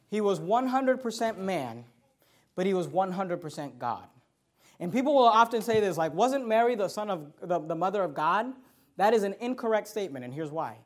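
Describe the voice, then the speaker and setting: Here a pastor, a man whose voice is notably high, gives a sermon from the pulpit. He builds his argument emphatically in a conversational style, repeatedly restarting his sentences along the way.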